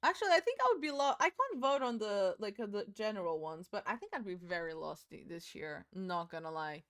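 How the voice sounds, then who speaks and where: A woman's voice: mid-range voice, lively intonation, brisk, fairly bright tone. A woman streamer chatting casually to her viewers while she does her makeup. She is dramatic, swears freely and laughs easily. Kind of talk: casual live-stream chat.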